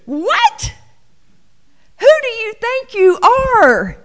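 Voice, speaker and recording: A woman's voice: sits high, very animated, measured pace, a bit bright, voice pushed up, exaggerated voice. A woman putting on the voice of jealous older brothers, sassy and incredulous. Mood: indignant.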